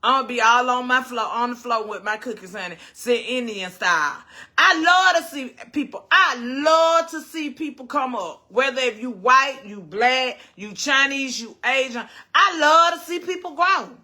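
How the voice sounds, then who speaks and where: A middle-aged woman, hosting a casual cooking livestream, firing off animated rhetorical questions. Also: high-pitched, moderate pace, hardly any pauses. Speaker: cooking show host.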